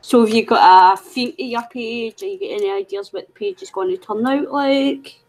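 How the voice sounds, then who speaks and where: A woman's voice: on the high side, brisk, darkish tone, poor audio. Chatty woman asking viewers questions. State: losing her voice. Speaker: livestream co-host. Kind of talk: casual chat with viewers.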